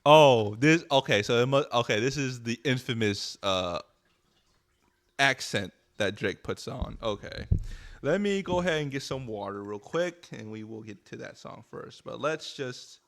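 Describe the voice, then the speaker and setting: A man's voice: medium pitch, expressive, a little slow, a bit bright. A male streamer doing music reaction commentary, blunt, profane and mocking.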